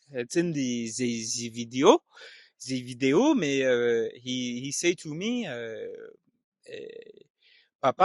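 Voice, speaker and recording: A man voicing a middle-aged French father with a put-on French accent, speaking halting broken English full of fillers. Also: mid-range voice, fairly bright tone, no room sound, studio quality, full character voice.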